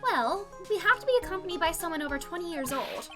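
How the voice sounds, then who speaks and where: A woman voicing a spirited teenage girl, a spirit medium, in a high, bouncy, whiny voice for a game playthrough. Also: big pitch swings, fast, over music. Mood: pleading.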